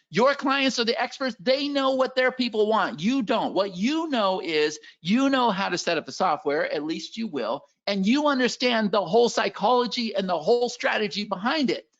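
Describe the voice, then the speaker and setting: A man hosting a live sales webinar, energetic and pushy, hyping up the chat and repeating himself. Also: sits high, normal speed. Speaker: webinar host selling software. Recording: dull lo-fi webinar audio.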